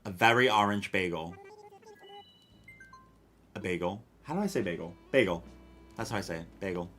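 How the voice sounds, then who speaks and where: Male streamer, lowish voice with a bright, sharp edge, wry and rambling over soft game music. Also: normal speed. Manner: rambling, self-questioning, wry, casual swearing. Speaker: live streamer. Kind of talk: casual gameplay chat, reading chat.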